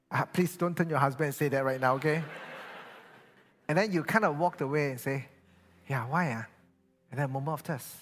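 A man's voice: a little high, a bit bright. A male pastor with a Malaysian English accent, preaching and telling a story, acting out the people he quotes. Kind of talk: sermon. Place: church hall. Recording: reverberant hall with faint music behind.

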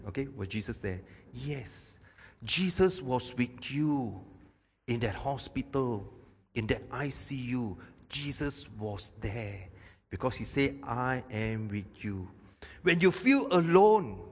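A man preaching a sermon, swinging between loud emphasis and soft, hushed lines. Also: medium pitch. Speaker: pastor. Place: church hall. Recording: long hall reverb.

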